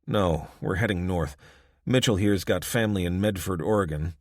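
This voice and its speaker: A seasoned male detective, level and clipped, keeping everyone calm under pressure, read by a deep-voiced narrator. The voice is very low and sits dry and close to the mic. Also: normal speed, dry recording, close to an everyday voice. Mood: placating. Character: veteran male detective, calm tired negotiator. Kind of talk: audiobook character voice.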